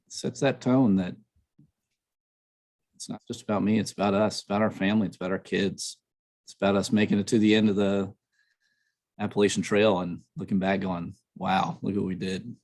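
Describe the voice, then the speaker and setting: A man's voice: sits low, fairly even intonation, normal speed, long pauses, a little mellow. A man, an author and guest on a podcast interview, talking earnestly with many fillers and restarts, his voice slightly nasal.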